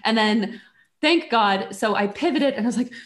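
A woman co-hosting a podcast, a coach who tells a personal story in a chatty, animated way and swears freely. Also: fairly high pitch, normal speed. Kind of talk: casual chat. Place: lives in Germany.

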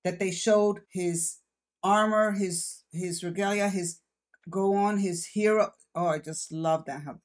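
A woman's voice: medium pitch, steady tone, measured pace. A middle-aged woman, mother of one of the hosts, gushing enthusiastically in a casual review chat. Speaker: panelist, mother of a co-host.

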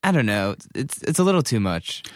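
A man's voice: mid-range voice, big pitch swings, brisk, no echo, studio quality. A man co-hosting a podcast, talking casually and rambling with frequent restarts. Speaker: podcast co-host. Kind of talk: casual chat.

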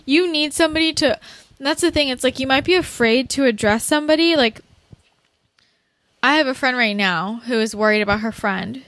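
A woman's voice: sits high, moderate pace, fairly bright tone, dry recording. A young woman hosting a candid conversation, talking bluntly and ramblingly with many fillers and laughing through tears.

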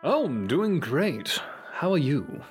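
A man's voice: sing-song, slow pace, faint music behind. A man playing a jovial, charismatic mayor. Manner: high, bright, chummy and effusive. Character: jovial charismatic male mayor, middle-aged.

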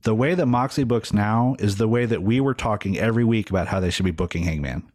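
A man with a notably deep voice chats casually as a podcast co-host. He rambles a bit, leaning on fillers as he thinks aloud. The sound is dry and close, with no room around it. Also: fast, dry recording. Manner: relaxed, rambling, hedging with fillers. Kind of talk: casual wrestling chat.

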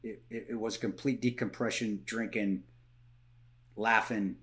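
A man's voice: on the low side, fairly even intonation, measured pace, a bit bright. A man as a podcast guest, telling stories in casual conversation, blunt and swearing, often restarting and repeating words.

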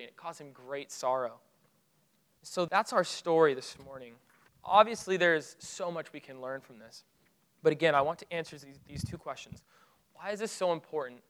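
A man preaching a sermon, retelling a Bible story with rising excitement and dropping to hushed, solemn tones. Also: a little high, clear, resonant tone, rough recording. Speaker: pastor.

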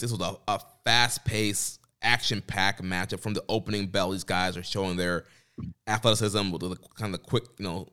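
Man, low smooth voice, casual filler-laden wrestling recap, podcast co-host. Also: fairly bright tone. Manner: loose, filler-heavy recap with "you know" and "uh". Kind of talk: casual match review chat.

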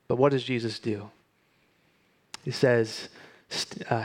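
A pastor preaching a conversational sermon. He drops into soft, hushed retelling and rises into urgent pleading. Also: mid-range voice, steady tone, takes it slowly, long pauses.

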